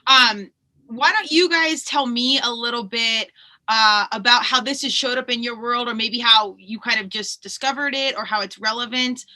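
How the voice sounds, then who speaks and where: Woman, podcast host, bright voice, slightly high, bubbly, animated, casual chat. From Colorado, USA. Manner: bubbly, animated and quick to laugh.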